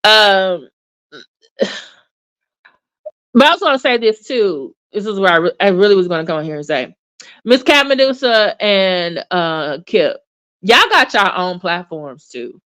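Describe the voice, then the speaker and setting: Bright-voiced woman in chatty commentary. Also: mid-range voice, slow, pauses often. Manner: animated, chatty, full of fillers and restarts; addresses viewers in chat by name. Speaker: commentary channel host. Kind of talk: casual livestream commentary.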